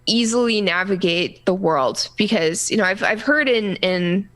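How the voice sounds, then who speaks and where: A woman co-hosting a casual gaming podcast, talking in a rambling, halting way full of restarts and fillers. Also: medium pitch, lively intonation, fairly bright tone. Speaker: podcast co-host.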